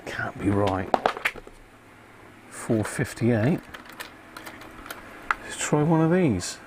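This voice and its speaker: A man's voice: medium pitch, animated, very slow, pauses often, background noise. A man hosting a live stream, chatting casually to viewers by name and muttering to himself as he works. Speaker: live-stream host repairing electronics. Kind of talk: casual live-stream chat while working.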